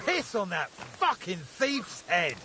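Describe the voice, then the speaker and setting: An actor voicing a hot-tempered medieval peasant who curses and shouts at a thief in a video game. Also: male voice, high voice, wildly swooping pitch, takes it slowly, slight background noise, heavily acted. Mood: angry.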